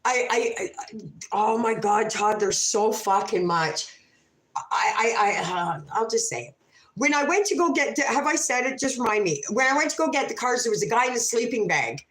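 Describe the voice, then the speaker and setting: A woman's voice: on the high side, fairly bright tone. A woman telling a rambling, emotional story on a casual livestream, often cutting herself off, restarting and swearing freely. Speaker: livestream host. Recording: echoey room.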